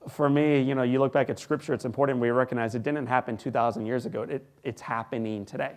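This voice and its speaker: This is a forty-something American man giving an inspirational keynote in a large hall to a live audience. His medium-pitched voice stays fairly even in intonation while he recounts his story with dramatic pauses, going hushed and then loud.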